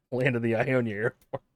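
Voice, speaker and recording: A man hosting a casual podcast chat, relaxed, laughing often and trailing off mid-thought. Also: mid-range voice. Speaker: podcast host.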